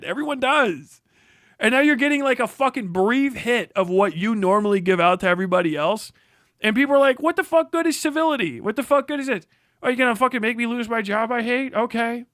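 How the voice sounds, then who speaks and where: A man's voice: extremely high pitch, sharp tone, no room sound, studio quality. A man in his thirties hosting a livestream, ranting angrily and profanely with insults and bursts of laughter. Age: 30s. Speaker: livestream host. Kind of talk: angry livestream rant.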